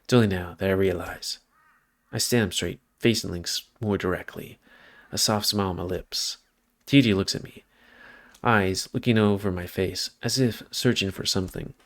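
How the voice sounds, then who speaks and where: A man with a low voice reads a visual novel aloud at a moderate pace for a let's play. Now and then he stumbles and corrects himself, and he breaks off the narration for asides.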